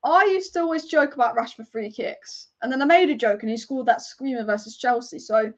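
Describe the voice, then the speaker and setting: A young woman hosting a live football watch-along, chatting excitably and swearing casually as she reacts to the match. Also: on the high side, a little fast, lo-fi sound. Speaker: football fan channel host.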